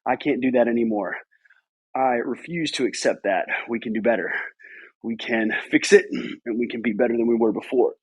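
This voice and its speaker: A man coaching a guided mobility routine, calling out repetitive energetic cues. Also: medium pitch, moderate pace, breathy edge. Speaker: fitness coach. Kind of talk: guided exercise instruction.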